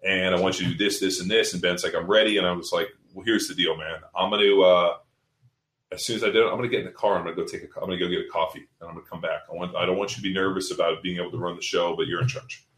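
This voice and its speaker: His low voice stays steady and fairly bright while he talks very fast, recorded with a roomy sound. The fitness seminar coach swears and speaks bluntly in casual podcast chat, telling a story and voicing other people's lines.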